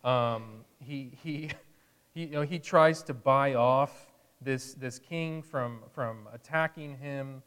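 A man's voice: medium pitch, slow, a bit bright, clean tone, long reverb tail. A man teaching a Bible sermon in a conversational way, acting out the people he quotes with a chuckle now and then. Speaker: preacher.

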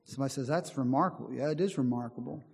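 A man's voice: medium pitch, rapid-fire, vocal fry, darkish tone, slightly rough. A man preaching a sermon in an earnest, emphatic way, often reading scripture aloud. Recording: long hall reverb.

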